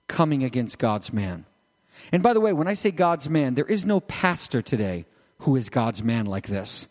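Lively man preaching in an echoing hall. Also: on the high side. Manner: animated, conversational, full of rhetorical questions. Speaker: pastor. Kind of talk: sermon. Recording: long reverb of a large hall.

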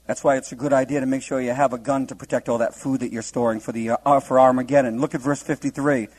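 A man's voice: mid-range voice, steady tone, fast, few pauses, a little mellow, low-quality recording. A man preaching a humorous verse-by-verse Bible teaching, laughing often and acting out the scenes in different voices.

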